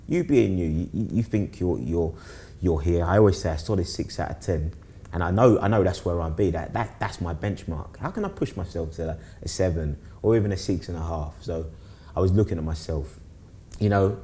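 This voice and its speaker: A man's voice: low-pitched, brisk. A young man from South East London with a London accent, a guest chatting casually, rambling with many restarts. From South East London, England. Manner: rambling, repeats words and restarts often, animated when telling stories. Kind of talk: casual conversation.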